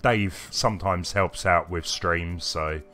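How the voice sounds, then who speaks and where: A British man with a fairly low voice rambles through live gameplay commentary and answers viewers by name. He sounds unwell and coughs between remarks, with faint game music playing underneath. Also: slow pace, pushed and bright. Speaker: game streamer.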